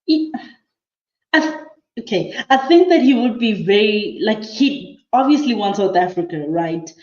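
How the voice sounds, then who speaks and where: A woman talks easily as a podcast guest in a relaxed, giggly way. Her voice carries a roomy echo and a dull, lo-fi tone. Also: medium pitch, unhurried. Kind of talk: casual sports chat.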